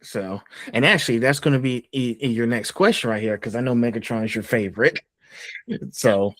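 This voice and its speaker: A man's voice: mid-range voice, a little fast, fairly bright tone, dry recording. A man hosting an interview, asking casual, enthusiastic questions. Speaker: interview host.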